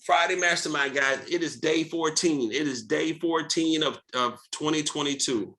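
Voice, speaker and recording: A man hosting a team video call, giving an energetic motivational coaching talk and coaxing the group with questions. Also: on the high side, normal speed.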